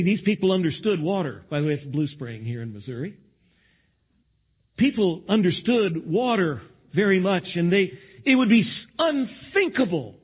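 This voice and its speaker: A man's voice: high voice, breathy edge, phone-quality sound. A man giving an outdoor Bible teaching beside a spring, speaking emphatically in lists of short phrases.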